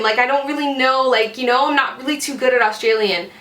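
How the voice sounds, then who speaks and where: A woman's voice: sits high, brisk, a bit bright. A woman beauty YouTuber answering fan questions in a casual vlog, chatty and full of "like" fillers. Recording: roomy echoey room.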